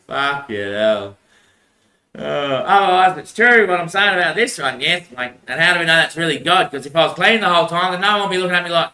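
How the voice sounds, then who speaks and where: A man's voice: on the high side, fast talker, bright, forceful tone, echoey room, poor audio. A young man, rambling crudely in a religious monologue and laughing often. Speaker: vlogger.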